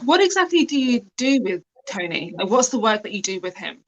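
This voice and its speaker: A woman hosting a live video interview, casual and encouraging, asking questions and quickly affirming answers. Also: on the high side, sing-song, highs cut off. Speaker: interviewer, host of a live show. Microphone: video call.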